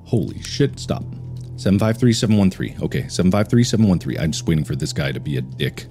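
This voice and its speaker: A man with a lowish voice narrates his own horror game session, swinging widely in pitch as he jumps from mutters to yelps. He talks to himself and swears freely, with faint game music running underneath. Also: sing-song, brisk, vocal fry, a little mellow. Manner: jumpy, talks to himself, frequent swearing and frantic repeats. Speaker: gaming channel host. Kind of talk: horror game let's play commentary.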